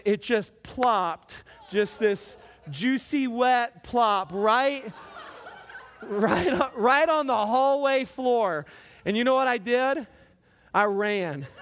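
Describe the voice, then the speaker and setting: A middle-aged man preaching to a live audience, telling a self-mocking story with lots of restarts and repeated words. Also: very high voice. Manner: animated, self-mocking, repeats words when starting a thought.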